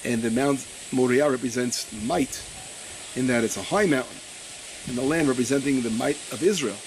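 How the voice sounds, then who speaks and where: A male rabbi teaching Torah. He stops to search his papers, stumbles and repeats words, and reads his quotes slowly with weight. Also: medium pitch, a little hiss or hum. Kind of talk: Torah lesson.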